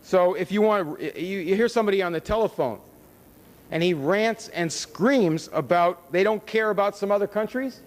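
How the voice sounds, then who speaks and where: Man, high-pitched, american, conference lecture, sardonic asides, echoing hall. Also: normal speed. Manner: conversational and sardonic, with wry asides and rhetorical questions. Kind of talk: public lecture with slides. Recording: long hall reverb from a conference room.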